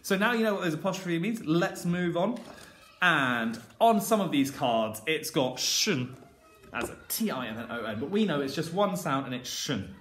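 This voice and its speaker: A man leads a phonics lesson for small children, his pitch leaping around as he stretches out each letter and syllable. He keeps up an encouraging, sing-song teacher voice. The recording is echoey, with faint background noise. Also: animated, a bit bright. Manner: slow, exaggerated sounding-out of letters and syllables. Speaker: primary school teacher.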